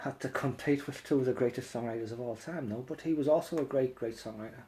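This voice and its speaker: A hoarse, croaky man, hosting a casual live stream where he sings loudly and mumbles low asides. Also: fast. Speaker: live streamer singing with guitar.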